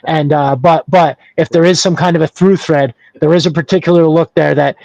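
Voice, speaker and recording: A man with a fairly high voice talks as a guest on a casual podcast. He speaks in a reflective way, searching for his words, and the recording is dry and close. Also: fairly even intonation, brisk, vocal fry, darkish tone, no echo, poor audio.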